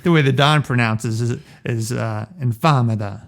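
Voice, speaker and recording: A man's voice: medium pitch, moderate pace. Playful man co-hosting a film podcast. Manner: playful, laughs often while explaining. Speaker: podcast co-host. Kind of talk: casual chat.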